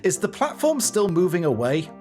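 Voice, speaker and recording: A man's voice: high voice, wildly swooping pitch, moderate pace, a little mellow, faint music behind. Eager, polite man player. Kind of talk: tabletop game play.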